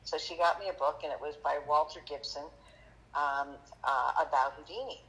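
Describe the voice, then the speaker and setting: A woman guest on a podcast, telling her story in a halting, chatty way with many fillers, turning lively when she quotes people. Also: deep voice, poor audio. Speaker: magician guest. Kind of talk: conversational storytelling interview.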